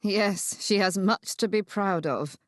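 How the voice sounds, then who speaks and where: A woman voicing a young Regency gentleman, brooding and wry, with a sarcastic, self-reproaching manner. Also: mid-range voice, slow, dry recording, clean studio sound, natural voice.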